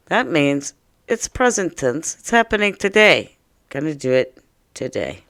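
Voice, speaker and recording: A woman teaching a first-grade lesson, speaking slowly and playfully to young children. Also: low-pitched, big pitch swings, fairly bright tone, no echo, clean studio sound.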